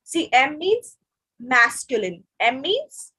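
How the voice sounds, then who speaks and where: A woman's voice: sits high, very animated, slow, pushed and bright, breathy edge. A woman with an Indian English accent teaching French to children in an online video class, patiently repeating phrases for pupils to echo. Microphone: video call.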